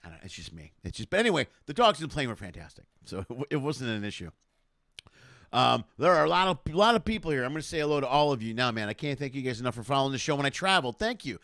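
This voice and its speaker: A man's voice: medium pitch, very animated, rapid-fire, fairly bright tone, no echo, studio quality. A middle-aged man, a comedian hosting his own livestream from home, chatting casually and rambling through funny road stories with lots of asides. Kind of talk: casual stand-up storytelling. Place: home room. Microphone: home webcam setup.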